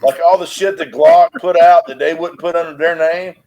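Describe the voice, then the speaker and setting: A man's voice: flat delivery, moderate pace, creaky, darkish tone, lo-fi sound. A man in his fifties co-hosting a podcast, teasing and joking in casual banter. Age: 50s. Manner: teasing, jumps up and down in pitch. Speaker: podcast co-host.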